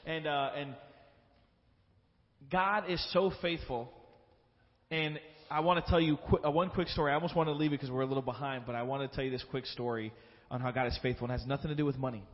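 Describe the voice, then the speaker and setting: At offering time in a church hall, a man with a medium-pitched voice speaks at a quick pace, sharing an emotional, earnest testimony and then leading the congregation in prayer. The recording sounds dull, with the hall's reverberation.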